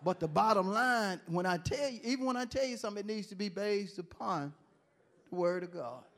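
A male pastor preaching a sermon, moving from quiet, conversational asides to loud, emphatic call-and-response lines. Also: high-pitched, brisk.

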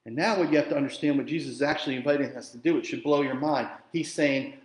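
In an echoey room, a New Jersey man preaches as pastor, using a mid-range voice at a quick pace. His sermon is animated and conversational, sprinkled with humor, and ranges from quiet to booming.

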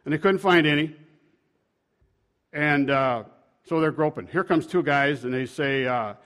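Folksy, fairly high-voiced male preacher. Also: measured pace, long pauses. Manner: conversational, folksy paraphrase with sharp swings in loudness. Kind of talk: sermon retelling scripture.

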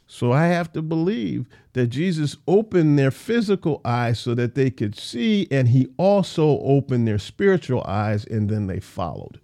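Warm, lively-voiced Bible teacher man. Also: mid-range voice, a little slow, few pauses. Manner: conversational, repeats phrases for emphasis.

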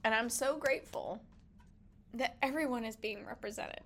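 A woman's voice: a little high, moderate pace, a bit bright. A middle-aged woman, a pediatrician, sharing a heartfelt and at times tearful casual reflection with a group. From United States. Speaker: pediatrician and podcast guest.

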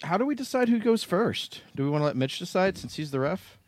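A man's voice: high-pitched, big pitch swings, brisk. A man co-hosting a podcast in casual comedic chat, joking and teasing, often laughing. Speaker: podcast co-host.

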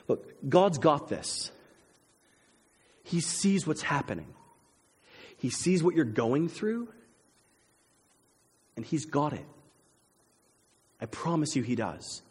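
A man preaching a sermon as pastor, animated, swinging between loud emphasis and hushed intensity. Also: on the high side, moderate pace, long pauses, breathy edge. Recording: long hall reverb.

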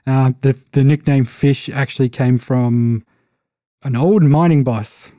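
Man, from australia, tabletop player, podcast chat, hesitant, mellow, dry mic. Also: medium pitch, unhurried, no room sound. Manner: easygoing, agreeable, hesitant.

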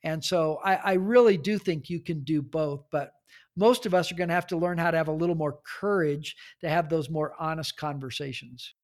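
A man's voice: fairly high pitch, normal speed. Earnest man telling church stories. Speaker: church leadership author and guest. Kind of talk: podcast interview.

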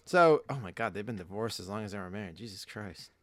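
A man's voice: lowish voice, animated, fast talker, no room sound. A man in his thirties hosting a podcast, telling rambling stories and swearing freely in casual chat. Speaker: podcast host.

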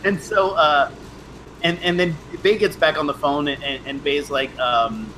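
A man's voice: fairly high pitch, steady tone, a little slow, bright, forceful tone, a little hiss or hum, rough recording. A middle-aged man casually telling rambling stories in a chat, often restarting and laughing.

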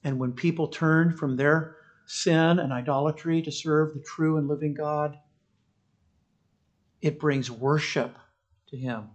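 A man delivers a sermon with fervor, his slightly raised voice climbing to loud declarations and then dropping low for stories. He slips in wry, humorous asides between the big moments. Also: steady tone, slow, pauses often. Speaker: pastor.

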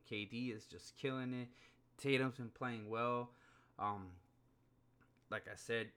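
A man's voice: mid-range voice, pushed and bright. A man giving a casual, profane, rambling rant about sports, full of fillers and heated outbursts. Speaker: sports podcaster.

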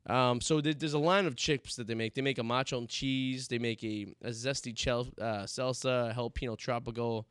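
A man co-hosting a casual talk show, chatty and halting with many fillers, teary and suffering from extreme spicy heat. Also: medium pitch, steady tone, a bit bright, clean tone, no echo, studio quality. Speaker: podcast co-host. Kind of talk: casual chat during a hot chip challenge. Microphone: headphones and studio mic.

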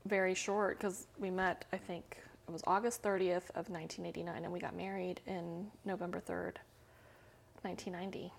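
A woman's voice: fairly low pitch, little pitch movement, moderate pace, gravelly, a little hiss or hum. A woman in her fifties from Central America, a guest telling her story in a casual, chatty way, full of fillers and light laughs. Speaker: interview guest.

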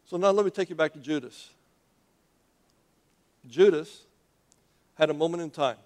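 A man preaching a sermon in a church, telling the story in an animated, conversational way and asking his audience questions. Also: fairly high pitch, moderate pace.

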